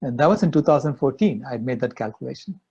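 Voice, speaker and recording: A man's voice: mid-range voice, lively intonation, quick pace, a little mellow, breathy edge. An older man, a guest in an interview, earnestly telling a personal story. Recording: dull lo-fi audio.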